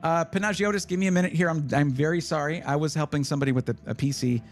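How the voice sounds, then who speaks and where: A man hosting a live stream, excitedly reading out names in quick bursts, his voice going hoarse. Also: fairly high pitch, faint music behind. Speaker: livestream host.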